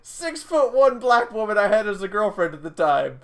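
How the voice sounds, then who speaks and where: A woman streamer telling a story in a casual, animated way, often stammering, repeating words and laughing. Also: mid-range voice, moderate pace.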